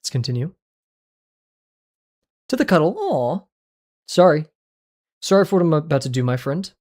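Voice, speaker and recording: A man's voice: a little high, big pitch swings, moderate pace, a little mellow. A man chatting casually on a livestream while playing web games, reacting aloud with sudden yelps and mumbled asides. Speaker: art livestreamer.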